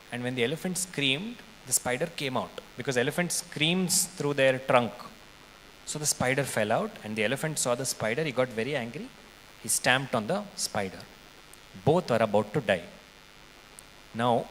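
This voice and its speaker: A man telling a story to children at a school convention, asking his listeners questions as he goes. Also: mid-range voice. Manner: animated storyteller, asks the audience questions. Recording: hall reverb, faint hiss.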